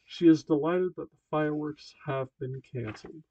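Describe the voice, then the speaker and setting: A man's voice: on the high side, normal speed, mellow. A man narrating a novel as an amateur audiobook reader, stumbling over words and correcting himself. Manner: stumbling reading with self-corrections. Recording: dull dry lo-fi home recording.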